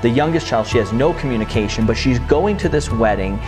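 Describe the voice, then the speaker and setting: A man hosting an interview podcast, his voice sitting in the middle of the usual range. He talks in a steady, measured way. A clear music bed plays behind him. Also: mid-range voice. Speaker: podcast host. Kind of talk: interviewer, scripted intro and recap.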